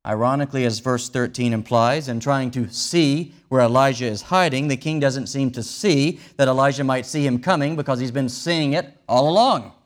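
A man's voice: mid-range voice, moderate pace, few pauses. Man, pastor, sermon, wry conversational preaching, medium voice.

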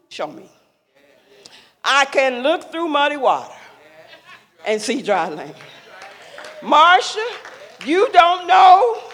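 An older woman giving an impassioned, preacherly speech to young adults, rising to loud emphatic calls. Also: high-pitched. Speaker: speaker sharing a mother's wisdom. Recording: long echo of a large hall.

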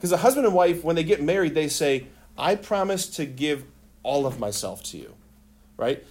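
A man teaching a room of children, his voice lively and a little raised. He laughs easily, asks questions and leads the group in chanting phrases back. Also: fairly high pitch, normal speed, breathy edge. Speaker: religion teacher. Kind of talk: classroom teaching with call-and-response. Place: classroom.

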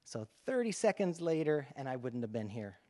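A male pastor telling a lively story to his congregation during a sermon, in a conversational, animated way. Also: mid-range voice, normal speed, big-room sound. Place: church sanctuary.

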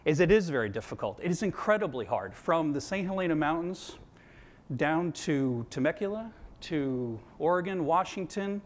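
A man's voice: fairly high pitch, lively intonation, moderate pace. A middle-aged man giving a conference presentation to a large audience, telling stories with self-deprecating humor. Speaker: conference speaker on wine sales. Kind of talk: keynote presentation.

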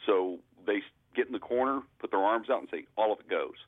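A man calling in to a radio show as an auctioneer, talking in a laid-back, halting way. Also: fairly low pitch. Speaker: caller, auctioneer. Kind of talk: phone-in chat. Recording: tinny phone line.

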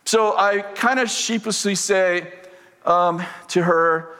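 Man, preacher, storytelling sermon, lively acted-out dialogue, fairly high voice, long hall reverb. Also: a little slow, clear, resonant tone. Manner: animated storyteller, acts out dialogue, laughs often.

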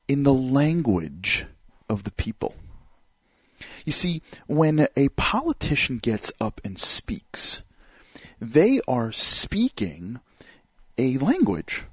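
A man giving a motivational talk. He speaks in an animated way, fills his speech with "like" and "you know", and keeps asking rhetorical questions. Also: mid-range voice, breathy edge, dry recording, clean studio sound. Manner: animated, asks rhetorical questions and acts out examples; many fillers such as "like" and "you know".

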